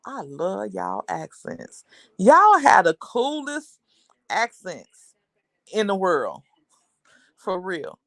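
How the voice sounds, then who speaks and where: A woman's voice: medium pitch, very animated, drawn-out words, vocal fry, pauses often, dry recording, studio quality. A woman hosting a casual livestream, chatting with viewers in a rambling, talkative way. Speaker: livestream host.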